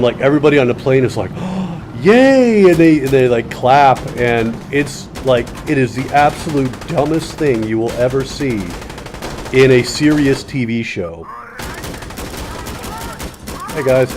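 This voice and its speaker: Rambling sardonic man over game gunfire. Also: mid-range voice. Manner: rambling, sardonic storytelling with many fillers and restarts. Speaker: gaming video host. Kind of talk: casual commentary while playing a shooter. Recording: faint gunfire and game noise behind.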